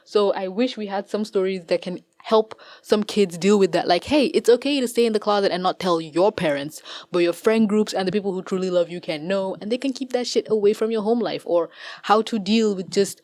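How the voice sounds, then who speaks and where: A woman giving casual reaction commentary on a cartoon episode, excitable, laughing and swearing often. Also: mid-range voice, fairly quick, no echo, studio quality. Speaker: reaction video host.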